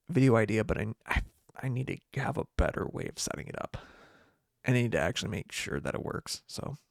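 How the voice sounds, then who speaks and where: A man's voice: mid-range voice, gravelly, dry recording, clean studio sound. A man hosting a casual solo livestream podcast. He rambles, restarts his sentences, corrects himself often and laughs a lot. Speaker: podcast host.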